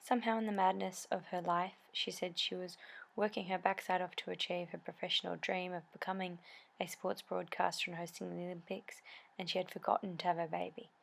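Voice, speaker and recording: A woman host introducing the next segment in a relaxed, conversational way. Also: on the low side, brisk, creaky.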